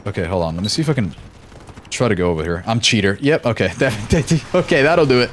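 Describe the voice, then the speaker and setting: A man's voice: mid-range voice, animated, fast, a little hiss or hum. A young American man streaming a shooter game, chatting casually with his chat and laughing often. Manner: laid-back, laughs often, reads chat aloud. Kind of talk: casual live-stream chat while gaming.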